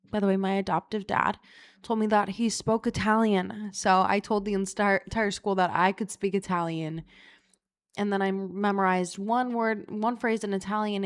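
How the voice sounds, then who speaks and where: A woman's voice: medium pitch, clear, resonant tone. A young woman from Florida rambles through a casual storytime vlog. She is chatty and crude, swears constantly and laughs at herself as she talks. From Florida, USA. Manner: chatty, crude, swears a lot, self-mocking. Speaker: vlogger.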